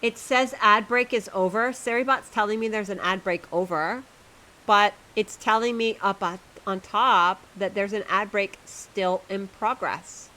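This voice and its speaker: A woman's voice: medium pitch, fairly even intonation, measured pace, sharp tone, low-quality recording. A woman streamer chatting casually to her viewers while she plays a game, chatty and self-mocking, often laughing at herself.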